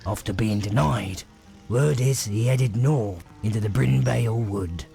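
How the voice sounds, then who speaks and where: An actor playing a gruff male innkeeper in a fantasy game, passing on local gossip matter-of-factly. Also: lowish voice, a little slow, loud music behind the voice. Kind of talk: game character dialogue.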